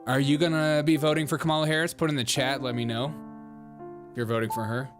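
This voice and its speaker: A man hosting a live online show, giving loud, mocking political commentary and laughing often. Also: mid-range voice, flat delivery, quick pace, music in the background. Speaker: livestream host.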